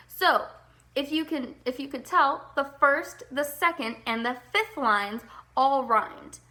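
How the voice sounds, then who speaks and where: Bright-voiced woman teaching a lesson. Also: on the high side. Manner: patient, explains step by step, often checks in with "okay?". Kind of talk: recorded remote lesson for children.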